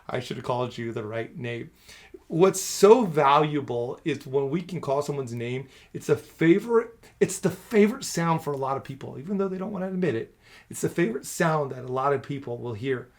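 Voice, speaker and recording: A man giving a casual motivational talk as a leadership coach, animated and emphatic, often leaning hard on key words and telling stories in a conversational way. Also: mid-range voice. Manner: conversational, with fillers and storytelling.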